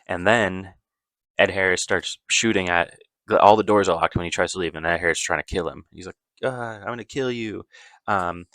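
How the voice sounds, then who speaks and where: A man's voice: deep voice, flat delivery, a little fast, fairly bright tone, no echo. A man casually recapping a movie plot, rambling loosely with lots of fillers and self-corrections.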